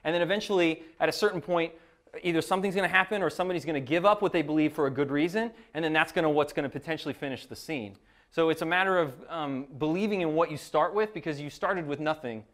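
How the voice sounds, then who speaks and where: A man's voice: fairly high pitch, fast, fairly bright tone. A young man, a creative professional, casually explaining an idea with lots of ums and loose asides. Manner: loose and rambling, frequent ums.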